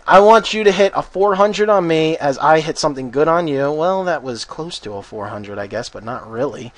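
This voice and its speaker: A man giving casual gameplay commentary, excitable and profane, often bursting into rapid panicked strings of "no" and laughing. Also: high voice, no room sound. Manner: swears freely and laughs often. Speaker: game commentator.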